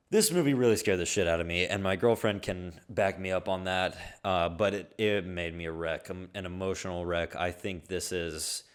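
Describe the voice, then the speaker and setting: A young man in a casual movie review vlog, talking excitably and swearing freely as he gushes. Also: sits low. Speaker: movie vlogger.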